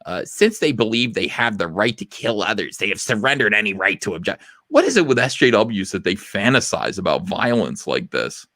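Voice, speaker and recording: A man's voice: fairly low pitch, big pitch swings, moderate pace, pushed and bright, no echo, studio quality. A man hosting a casual livestream, reading posts aloud with sarcastic commentary that swings between muttering and outbursts. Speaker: livestream host.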